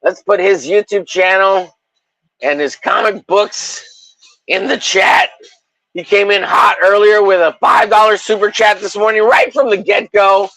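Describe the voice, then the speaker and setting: A man hosting a livestream, chatting casually in a rowdy, crude way, often shouting and teasing in mock-bullying banter. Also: high-pitched, steady tone, unhurried, dry recording, low-quality recording. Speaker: livestream host.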